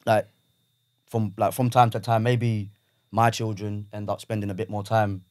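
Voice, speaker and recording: A man's voice: fairly low pitch, little pitch movement, normal speed, darkish tone, no room sound, clean studio sound. A man, chatting frankly as a podcast guest, rambling with fillers like "obviously". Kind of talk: casual chat. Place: podcast studio.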